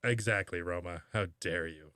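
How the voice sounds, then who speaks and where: A man's voice: sits low, normal speed, bright, forceful tone, no room sound, studio quality. A man co-hosting a podcast in casual comedic chat, sarcastic and jokey with mock outrage and frequent laughs. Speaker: podcast co-host.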